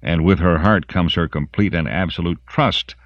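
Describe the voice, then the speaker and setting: A man narrating an audiobook in an expressive storytelling manner. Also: low-pitched, normal speed, no echo. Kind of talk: scripted narration. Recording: dry, muffled lo-fi audiobook.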